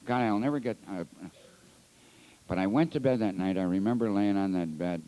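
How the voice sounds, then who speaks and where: A priest telling his recovery story at a convention, earnest and confessional, swinging between hushed passages and emphatic ones, recorded on an old lo-fi tape. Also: on the low side, normal speed, clear, resonant tone. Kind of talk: recovery talk. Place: convention hall. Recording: dull lo-fi 1980s tape recording.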